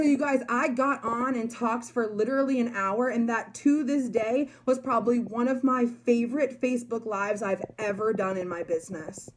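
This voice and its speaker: A young woman giving a chatty, emphatic motivational talk to her followers. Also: medium pitch. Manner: chatty, emphatic, many likes and you guys. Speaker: network marketer.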